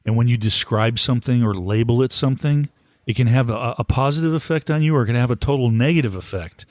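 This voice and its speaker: A male podcast host in casual conversation, chiming in with quick agreement and brief thoughts of his own. His voice sits at an ordinary middle pitch and sounds dry and close, with no room behind it. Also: a little mellow, dry recording. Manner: affirming, agrees often with short replies. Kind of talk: casual interview chat.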